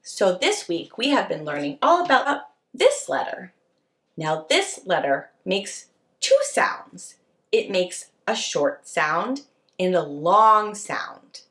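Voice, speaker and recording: A woman leading a preschool circle time lesson, talking to young children in a slow, sing-song, encouraging way. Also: on the low side, very animated, a bit bright, echoey room. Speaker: preschool teacher.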